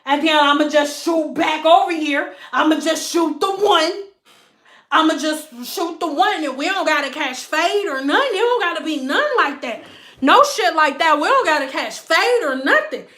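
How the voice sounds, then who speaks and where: A woman's voice: high voice, expressive, moderate pace, roomy sound. Woman putting on a brash slangy Bay girl. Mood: swaggering. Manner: street slang, loud and swaggering.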